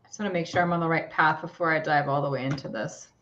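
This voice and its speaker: A middle-aged woman hosting a livestream, leading a guided meditation and giving tarot readings in a gentle, casual, rambling way over a video call. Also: low-pitched, steady tone, fast. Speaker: spiritual reader and stream host. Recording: dull lo-fi stream audio.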